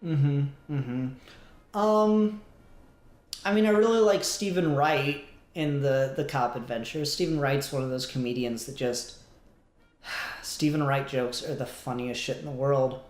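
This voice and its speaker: A laid-back podcast co-host chats loosely about a film, swearing freely. The voice sits mid-pitch and sounds roomy, with audible echo. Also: measured pace, soft background music. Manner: relaxed, swears casually. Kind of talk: casual film discussion.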